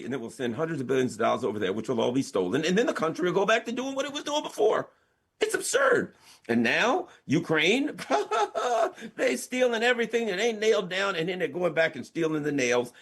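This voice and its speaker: A middle-aged American man delivers opinionated radio commentary in a slightly high, husky voice. His pitch swings widely as he leans on rhetorical questions with emphatic sarcasm. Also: a bit bright. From United States. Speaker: political commentator.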